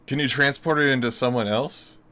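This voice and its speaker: A man's voice: medium pitch, a little fast, sharp tone, clean tone. A man streaming live, mocking a video in casual commentary and laughing often.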